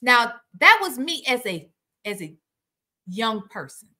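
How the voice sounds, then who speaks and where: A woman's voice: a little high, slow pace. A woman hosting a casual reaction livestream, outspoken and swearing freely as she talks to her viewers. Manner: outspoken, profane, animated. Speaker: livestream host.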